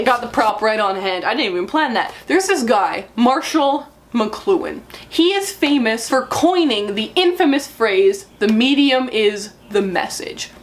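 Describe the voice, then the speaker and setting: A young woman book vlogger talking casually to camera in an excitable, chatty way, in a room full of books. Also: fairly high pitch.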